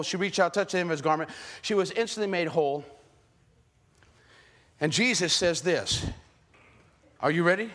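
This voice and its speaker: A man preaching a sermon in an animated way, firing rhetorical questions at the congregation. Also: high-pitched, moderate pace. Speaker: pastor.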